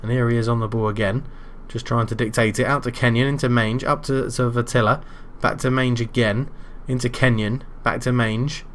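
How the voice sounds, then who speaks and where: A British man commentating his own football management game, calm between moves and shouting loudly when his side scores. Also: mid-range voice, a little fast, hardly any pauses, a little hiss or hum. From Britain. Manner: excitable, bursts into loud shouting at goals. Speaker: gaming YouTuber.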